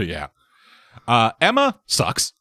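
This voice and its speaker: Casting: man, blunt and profane, lively pitch, dry close sound. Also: extremely slow, slightly rough, no room sound. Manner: blunt, profane, animated critique. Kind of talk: casual chat.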